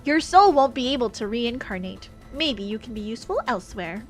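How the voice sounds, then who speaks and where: A woman voicing an aloof young spirit who calmly judges a sinner. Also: fairly high pitch, a little fast, faint music behind, lightly acted.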